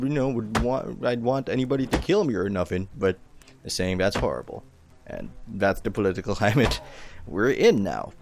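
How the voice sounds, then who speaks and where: A tired young man hosting a let's play, rambling casually through tangents and swearing now and then, with faint music behind. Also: lowish voice. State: tired, late night. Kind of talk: casual gameplay commentary.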